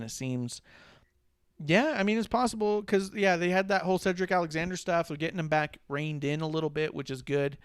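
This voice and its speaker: A male podcast host talking in a loose, joking, rambling way. His voice is smooth and clear and sits a little high. The sound is close and dry. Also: no echo. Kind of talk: casual chat.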